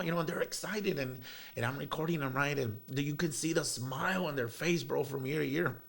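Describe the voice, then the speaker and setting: A man's voice: on the high side, brisk, vocal fry. A man, telling a heartfelt story as an interview guest, rambling with many fillers and bits of Spanish slang. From South Texas.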